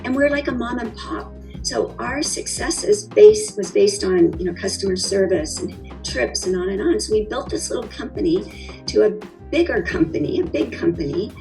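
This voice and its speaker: A woman's voice: mid-range voice, expressive, normal speed, creaky, darkish tone, faint music behind, low-quality recording. Chatty middle-aged woman, rambling. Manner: chatty, rambling, with many fillers and restarts. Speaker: founder of a cocktail company, interview guest. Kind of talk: conversational interview.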